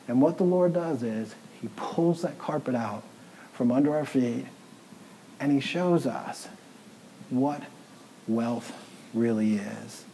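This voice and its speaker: A man's voice: mid-range voice, mellow, slight background noise, rough recording. A man preaching a sermon as pastor, stressing points with repetition and sometimes dropping to a near-whisper. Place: church in Southeast Dublin.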